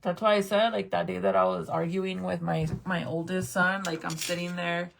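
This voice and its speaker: A woman in her late thirties pours her heart out to her viewers in a casual, profane vlog. Her voice sits low with a gravelly edge and a teary catch. She laughs nervously when the tears come. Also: little pitch movement, moderate pace, a little hiss or hum. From New Mexico. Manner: emotional, swears often, laughs when close to tears. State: tearful. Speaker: vlogger. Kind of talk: casual confessional talk to camera.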